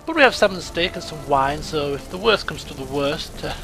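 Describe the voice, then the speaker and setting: A man casually commentating his own gameplay, chatty and self-mocking, getting excitable in the fights. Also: fairly high pitch, fairly quick, vocal fry. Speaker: let's play gamer. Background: game music.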